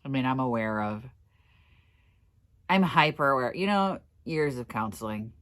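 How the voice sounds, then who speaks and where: A woman's voice: extremely low pitch, animated, moderate pace, fairly bright tone. A middle-aged woman from Minnesota talking casually to her vlog viewers, emotional and tearful, laughing through it. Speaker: vlogger.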